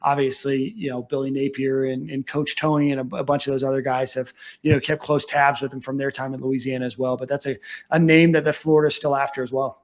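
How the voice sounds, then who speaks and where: A man hosting a casual sports podcast, relaxed and steering the talk with plenty of fillers. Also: medium pitch, fast. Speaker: podcast host.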